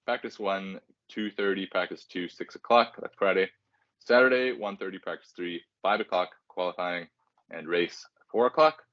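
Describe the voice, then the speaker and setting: A man's voice: sits low, moderate pace, fairly bright tone, no echo. A man co-hosting a podcast, chatting casually and rambling with many fillers and self-deprecating asides. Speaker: podcast co-host. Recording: dry, dull lo-fi sound.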